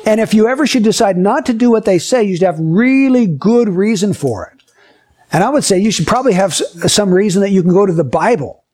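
A man's voice: high-pitched, lively intonation, fairly quick, darkish tone. A man teaching a Bible lesson to children, asking them questions and acting out short everyday scenes. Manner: asks the listeners questions and acts out short scenes.

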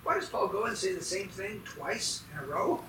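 A man's voice: sits high, lively intonation, moderate pace, echoey room, distant mic, noisy background. A man preaching a sermon as pastor, emphatic and putting questions to his congregation.

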